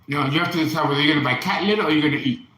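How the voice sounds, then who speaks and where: A man's voice: a little high, racing, pushed and bright, reverberant, a little hiss or hum, low-quality recording. A man in his fifties speaking in an earnest, impassioned personal monologue, often repeating himself. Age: 50s. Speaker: astrologer and occult teacher.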